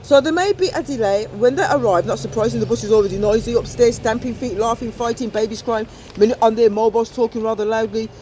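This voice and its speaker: A woman's voice: on the high side, fast talker, few pauses, dark tone, slight background noise. A woman performing a wry spoken-word story, slipping into rhymes as she narrates.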